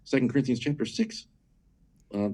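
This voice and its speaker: A man's voice: medium pitch, normal speed, warm tone, slightly rough. A man speaking as an interview guest, teaching about churches in an emphatic, conversational way. He often repeats words as he builds a point and checks in with rhetorical questions. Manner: asks listeners rhetorical questions.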